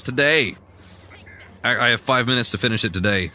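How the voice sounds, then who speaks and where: A young man chatting casually while he plays a video game, self-deprecating and given to sudden excited yelps. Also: mid-range voice, normal speed. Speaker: gaming streamer. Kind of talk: casual rambling gameplay commentary.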